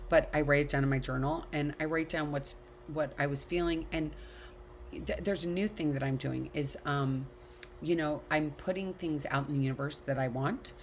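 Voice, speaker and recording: A middle-aged woman with a low voice, teaching an online class in a candid, chatty way. She swears freely and says what she thinks. A faint hiss of background noise sits under her voice. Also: normal speed. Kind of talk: casual talk to an online class. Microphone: video call.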